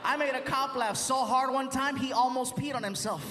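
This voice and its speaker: Animated high-voiced male comedian. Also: moderate pace, background noise. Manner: animated storytelling, acting out voices and laughing. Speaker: stand-up comedian. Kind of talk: stand-up comedy routine.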